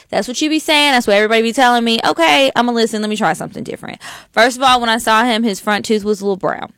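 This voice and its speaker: A woman's voice: a little high, rapid-fire, fairly bright tone, clear, resonant tone, no echo, clean studio sound. Blunt young woman, casual podcast chat. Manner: blunt, frank, swears casually. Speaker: podcast co-host.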